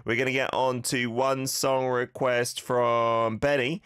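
A man's voice: medium pitch, little pitch movement, takes it slowly, fairly bright tone, smooth, dry recording, studio quality. A male host coaching listeners' pronunciation in a radio-style language lesson, upbeat and encouraging with some playful nitpicking.

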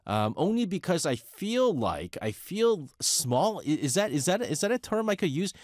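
A man's voice: a little high, big pitch swings, normal speed, darkish tone, no room sound, studio quality. A middle-aged man with a New York accent hosting a radio show, chatting casually and rambling with many fillers and restarts. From United States. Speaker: radio host.

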